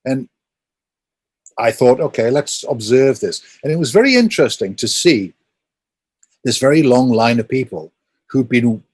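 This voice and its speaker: 一位嗓音略带沙哑的男士，作为访谈嘉宾娓娓道来，边思考边讲故事，录音干燥、没有回声。. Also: male voice, medium pitch, expressive, normal speed, pauses often, a little mellow, breathy edge, no echo. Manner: thoughtful, storytelling, explains at length. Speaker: interview guest. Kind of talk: reflective conversational talk.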